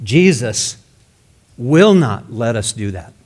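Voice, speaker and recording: A male pastor preaching a sermon emphatically, his voice rising loud and dropping to a hush. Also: medium pitch, sing-song, slow. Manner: emphatic, swinging between loud and hushed.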